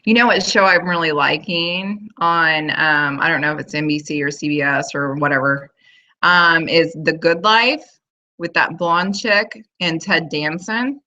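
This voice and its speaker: A woman's voice: low-pitched, measured pace, bright, forceful tone, lo-fi sound. A woman in her thirties hosting a casual video chat from home, rambling with lots of fillers. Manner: chatty, rambling, full of fillers. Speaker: host of a live video chat.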